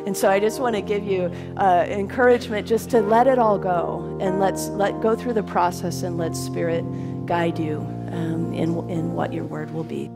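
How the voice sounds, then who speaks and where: A woman minister giving a relaxed, conversational sermon, laughing now and then as she talks. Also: lowish voice, moderate pace, vocal fry, music in the background. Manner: warm, laughing, conversational preaching.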